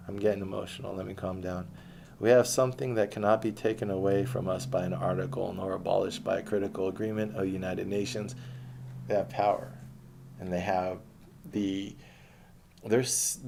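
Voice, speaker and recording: A man's voice: low voice, flat delivery, normal speed, gravelly, dark tone, a little hiss or hum. A man delivering an impassioned political monologue, ranting with frequent restarts and hesitations. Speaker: political commentator.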